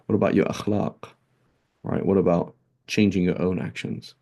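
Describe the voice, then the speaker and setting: A man's voice: low voice, little pitch movement, moderate pace, warm tone, highs cut off. A man teaching a casual religious lesson, talking conversationally with many fillers and rhetorical "right?" questions. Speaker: Islamic teacher. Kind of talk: casual classroom lecture.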